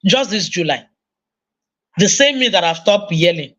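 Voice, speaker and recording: A woman conference speaker with a Nigerian English accent gives a sermon-style parenting talk, her voice on the low side and a little slow. She tells stories animatedly, acting out voices. The recording is muffled.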